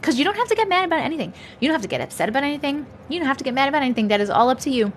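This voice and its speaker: A woman's voice: high-pitched, sing-song, racing, slight background noise. A woman in her thirties hosting a casual live stream, reading chat and laughing often as she talks. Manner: laughs often, chatty and upbeat. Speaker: livestream host.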